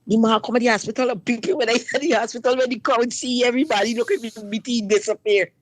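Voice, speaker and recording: Talking fast in a fairly high, steady voice, a woman guest on a talk show recounts a personal story in emphatic dialect, speaking straight to the listener. The recording is dry.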